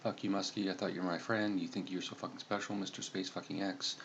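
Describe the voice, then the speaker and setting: Guy doing a furious swearing hacker dude, low voice, dull lo-fi sound. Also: steady tone, fast, a bit bright, a little hiss or hum. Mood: furious ranting. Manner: swearing, ranting. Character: seething male hacker yelling at a screen.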